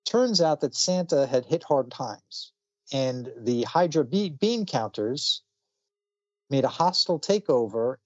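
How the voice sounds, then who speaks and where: A man's voice: medium pitch, a little mellow, no room sound. A man casually recapping a comic book plot on a podcast, rambling with plenty of fillers. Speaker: podcast co-host. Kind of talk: casual comic review chat. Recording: slightly muffled dry recording.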